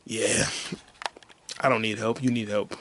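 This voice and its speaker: A man's voice: on the low side, level tone, unhurried, noisy background. A man hosting a solo comedy podcast, rambling in crude, jokey rants. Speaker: podcast host.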